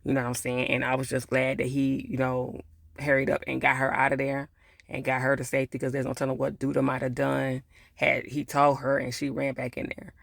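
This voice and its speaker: Gravelly man recapping a TV episode. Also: mid-range voice, completely flat delivery, a little fast, a bit bright, no room sound, studio quality. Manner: rambling storytelling, acts out lines, many fillers like "or whatever". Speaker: TV reviewer.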